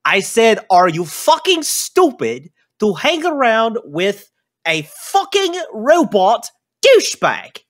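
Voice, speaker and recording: A man voicing a short, foul-mouthed male dwarf with a ginger beard and an Australian accent, yelling and cursing. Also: high voice, wildly swooping pitch, slow, pitched above the performer's own voice, full character voice. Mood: insulting. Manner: aggressive, swearing, yelling.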